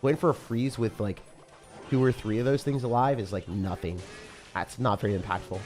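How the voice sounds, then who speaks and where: A man with a rough morning voice giving casual live commentary on a game he is playing, chatting and reading viewer comments aloud. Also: medium pitch, a little fast, darkish tone, faint music behind. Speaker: game streamer.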